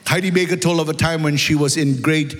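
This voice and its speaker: A man preaching a sermon in an animated way, asking the congregation rhetorical questions and building up emphasis. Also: fairly high pitch, fairly quick. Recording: long hall reverb.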